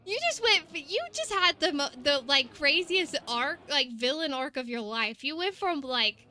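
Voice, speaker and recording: A young woman streaming a game, chatting excitably with her viewers and laughing often. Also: high-pitched, unhurried. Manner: excitable, giggly, chatty with chat. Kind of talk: casual gaming live-stream chat.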